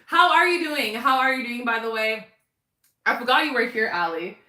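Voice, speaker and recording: A bubbly young woman hosts a casual livestream, chatting in an animated way with viewers in chat. Her voice is a little high and her pace normal, with a reverberant sound.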